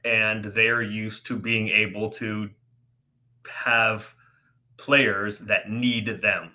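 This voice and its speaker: A man co-hosting a casual sports podcast, blunt and quick to push back. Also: fairly low pitch, little pitch movement, sharp tone. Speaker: podcast co-host. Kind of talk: casual chat.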